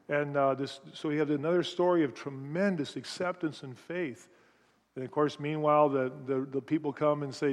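A man preaching a sermon, retelling scripture stories with animated storytelling and frequent restarts. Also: on the high side, normal speed. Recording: long reverb of a hall.

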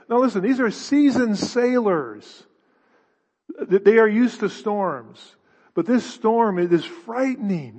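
A middle-aged man preaching a conversational sermon, often restarting his sentences. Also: high voice. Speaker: pastor. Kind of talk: expository sermon. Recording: dull hall reverb.

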